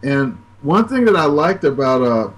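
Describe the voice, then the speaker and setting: A man co-hosting a casual podcast, speaking haltingly with many fillers and restarts. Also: mid-range voice, sing-song, rough recording. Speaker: podcast co-host. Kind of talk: casual comic book discussion.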